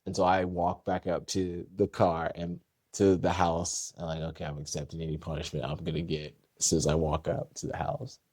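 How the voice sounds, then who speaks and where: A young man telling a story in casual chat, animated and acting out the voices of the people in it. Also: sits low, normal speed, dry recording, clean studio sound. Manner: animated, acts out quoted voices. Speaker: podcast guest.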